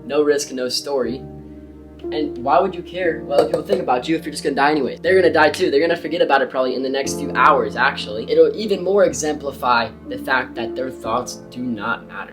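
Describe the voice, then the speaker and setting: A young man giving casual, emphatic advice to camera about confidence and speaking, with slangy, animated delivery. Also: medium pitch. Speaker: self-improvement creator. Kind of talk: casual motivational talk to camera.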